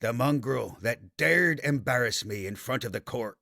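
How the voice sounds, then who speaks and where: An audiobook narrator playing a scornful, arrogant noble son who talks with sneering contempt. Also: male voice, mid-range voice, animated, normal speed, vocal fry, bright, forceful tone, no echo, clean studio sound, full character voice.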